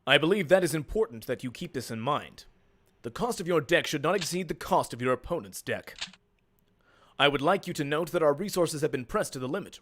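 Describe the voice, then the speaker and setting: A man with an Australian accent voicing a young prince in a deep, formal, commanding tone. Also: lightly acted.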